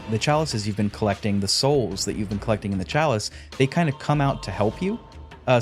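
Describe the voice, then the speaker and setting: A man with a slight Pittsburgh accent, talking casually as a podcast co-host, chatty, laughing often and correcting himself mid-sentence. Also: medium pitch. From Pittsburgh area.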